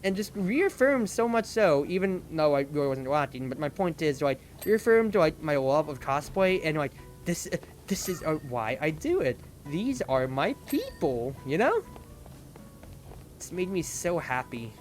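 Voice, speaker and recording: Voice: mid-range voice, very animated, measured pace, faint music behind. A young adult streamer telling a long, rambling story in casual stream chat, leaning heavily on "like" as a filler. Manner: rambling storytelling, heavy use of "like".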